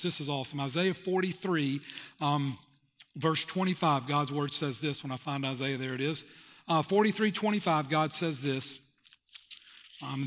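Emphatic pastor with a light, ringing voice. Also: male voice, a little high, a bit bright, in a large hall. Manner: confessional, storytelling, emphatic. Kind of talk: sermon.

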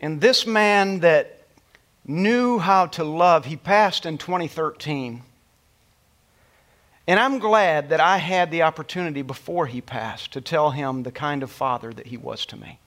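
A middle-aged man preaching, telling a family story from the pulpit with emotion and dropping to soft, quiet tones at tender moments. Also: fairly high pitch, a little slow. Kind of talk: sermon storytelling.

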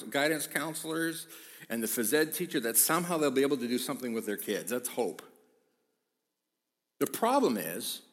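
Man preaching in a reverberant hall. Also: mid-range voice. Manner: builds from conversational to loud emphatic preaching. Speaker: pastor. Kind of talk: sermon. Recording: echoey hall with long reverb.

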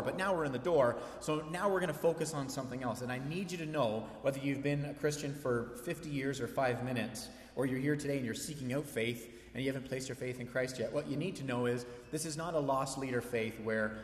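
Male pastor, higher-set voice, chatty sermon with jokes, echoey church hall. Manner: conversational storytelling with humor. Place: church sanctuary.

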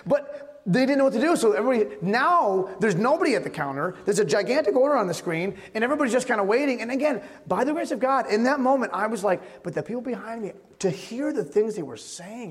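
A man's voice: high voice, expressive, fairly quick, long reverb tail. A man preaching a sermon as a pastor, moving from a told story into emphatic preaching.

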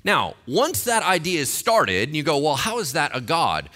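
Lively, animated preacher man. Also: a little high, normal speed, faint music behind. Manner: animated, jokey, acts out quotes. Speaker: pastor. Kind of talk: sermon.

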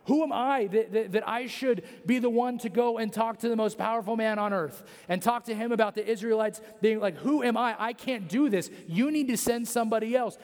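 Man doing insecure pleading man, raised high voice, echoing hall. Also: a little mellow. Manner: pleading, self-doubting questions. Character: anxious insecure man making excuses. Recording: long hall reverb.

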